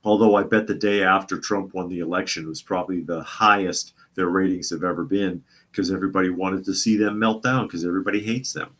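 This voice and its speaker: A man's voice: low voice, fairly even intonation, brisk, few pauses, a bit bright. Sarcastic man hosting news commentary. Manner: sarcastic, repeats phrases for emphasis. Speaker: host.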